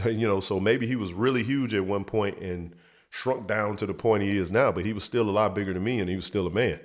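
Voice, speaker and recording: A middle-aged man hosting his show, casually telling a long story from his youth and leaping into high voices when he quotes people. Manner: animated, jumps up high when quoting others.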